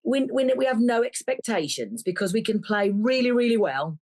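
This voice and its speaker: A woman, a brass band member telling a story in a lively way and acting out the voices of others. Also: on the high side, moderate pace. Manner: lively, acts out quoted voices. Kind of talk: animated storytelling.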